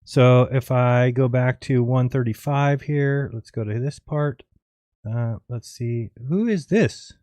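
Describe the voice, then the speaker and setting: A man's voice: medium pitch, slow, mellow, dry recording. A man hosting a live call-in show, talking in a blunt, scolding, conversational way. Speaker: host.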